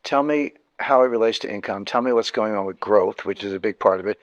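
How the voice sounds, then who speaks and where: A man's voice: on the low side, a little fast, no echo, lo-fi sound. A man, a guest in an interview, explaining economics emphatically, repeating key points and often restarting sentences.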